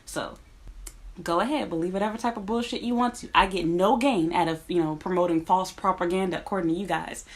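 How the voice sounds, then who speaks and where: A woman's voice: lowish voice, fairly even intonation, a little fast. A woman talking casually to her viewers, blunt and profane, speaking as a teacher. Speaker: teacher in Japan. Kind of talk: casual vlog rant.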